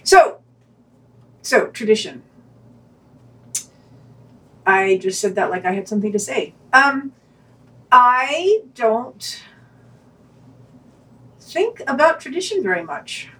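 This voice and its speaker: A woman's voice: fairly high pitch, lively intonation, takes it slowly, long pauses, fairly bright tone, recorded from a distance. Wry, hesitant woman podcast host. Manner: wry, hesitant, restarts her thoughts. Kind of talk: podcast reviews and casual discussion.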